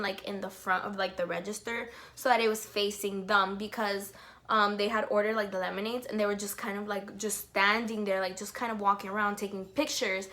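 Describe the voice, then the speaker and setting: A young woman vlogging an excited storytime, gushing with lots of "like" and breaking into giggles. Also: medium pitch.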